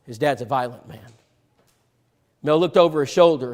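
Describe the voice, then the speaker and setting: A man preaching a sermon, telling a personal story and acting out the dialogue, swinging from loud to hushed. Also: mid-range voice, normal speed, pauses often. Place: church sanctuary. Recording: long hall reverb.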